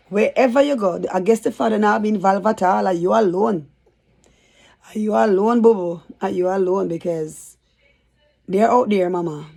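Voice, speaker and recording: A woman's voice: mid-range voice, vocal fry, a little mellow. A woman telling a rambling, chatty story for her vlog. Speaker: YouTuber.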